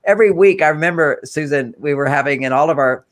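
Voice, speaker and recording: Enthusiastic older man, higher-pitched voice. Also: quick pace. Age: 70s. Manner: enthusiastic, emphatic. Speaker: guest author. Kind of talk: enthusiastic reminiscing.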